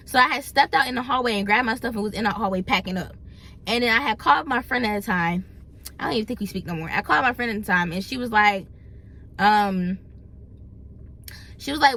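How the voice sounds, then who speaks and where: A young woman, telling viewers a storytime in an animated, chatty way. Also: fairly high pitch, brisk. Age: young adult. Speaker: vlogger. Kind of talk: storytime vlog.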